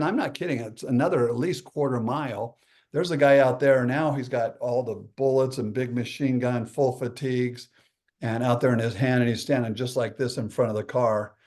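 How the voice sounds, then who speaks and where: A man's voice: mid-range voice, darkish tone. A man telling a story with energy as a guest, acting out the voices of the people in his anecdotes. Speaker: guest speaker. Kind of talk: animated storytelling.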